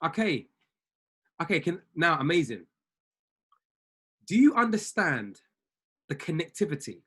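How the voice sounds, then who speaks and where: High-pitched man giving a preacher-like pep talk. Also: very animated, unhurried, a bit bright, husky. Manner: preacher-like, repeats lines for emphasis; exhorting, talks straight to listeners. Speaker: trading coach. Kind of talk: motivational talk to an online group.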